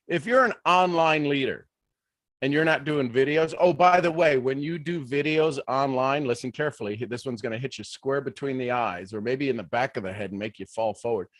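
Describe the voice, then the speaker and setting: A man giving a motivational leadership talk on a live stream, animated, full of rhetorical questions and restarts. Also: medium pitch, normal speed, no room sound. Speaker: leadership speaker.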